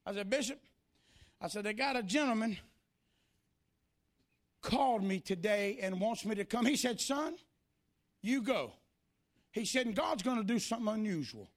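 A male preacher giving a sermon in church, moving between shouted, sing-song preaching and quieter, folksy storytelling. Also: high-pitched, lively intonation, normal speed, long pauses.

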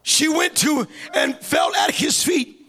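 A man preaching a sermon as pastor, fervent and building into shouted cries. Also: very high-pitched, slow pace.

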